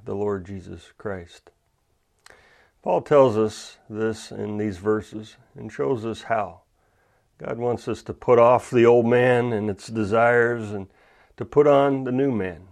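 A male pastor delivering a sermon and reading scripture with measured emphasis. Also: on the low side, a little mellow.

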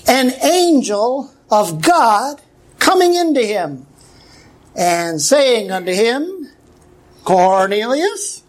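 A woman pastor delivering a Bible-teaching sermon with a slightly high voice. Her voice is hoarse and she keeps clearing her throat. She presses her points with rhetorical questions at an unhurried pace. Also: sing-song, a little hiss or hum. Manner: emphatic, with frequent rhetorical questions.

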